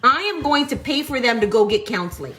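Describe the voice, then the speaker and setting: A woman's voice: a little high, lively intonation, brisk, sharp tone. A woman hosting a live-selling show, ranting on her stream with mocking, exasperated disbelief and free swearing. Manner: swears freely.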